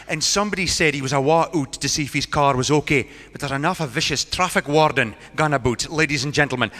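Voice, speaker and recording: A North-East Scottish man compering a concert stage, chatty and jokey with the audience. His voice sits a little high and rolls out with a long reverb from a large hall. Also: a bit bright. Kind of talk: introducing acts at a concert.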